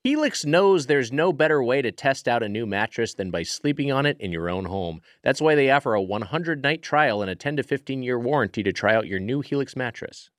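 A man's voice: mid-range voice, animated, a little fast, few pauses, no room sound, clean studio sound. A man co-hosting a podcast, teasing with wry short remarks and reading ads. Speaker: co-host. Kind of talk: casual podcast chat and host-read ad.

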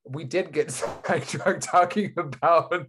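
A man's voice: fairly high pitch, measured pace, background noise. A man co-hosting a podcast in casual chat, wry and swearing casually. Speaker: podcast co-host.

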